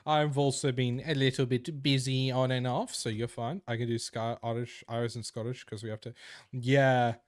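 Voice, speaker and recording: A man's voice: mid-range voice, dry recording, studio quality. A young man chatting casually with viewers on a live stream, crude and joking. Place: indoor room.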